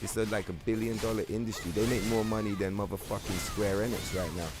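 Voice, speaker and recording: A man's voice: lowish voice, steady tone, fast, over music. A young man from London with a London accent, chatting casually on a gaming stream in loose slangy banter, answering his chat and swearing freely.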